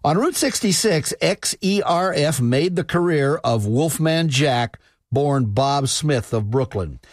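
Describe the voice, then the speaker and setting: A man delivering scripted documentary narration in a measured, even way. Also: fairly high pitch, dry recording, clean studio sound.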